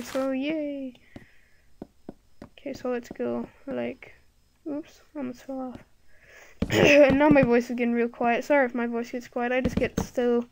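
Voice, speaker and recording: A woman's voice: a little high, creaky, background noise. A woman giving casual commentary while playing a game, rambling and thinking aloud with lots of fillers, recorded on a computer microphone. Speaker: gameplay video creator.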